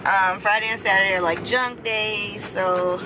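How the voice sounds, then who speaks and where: A woman in her thirties, a vlogger chatting to her viewers in an animated, talkative way from a moving car, quick to laugh. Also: medium pitch. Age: 30s. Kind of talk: casual chat to camera. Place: passenger seat of a moving car. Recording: road noise inside a moving car.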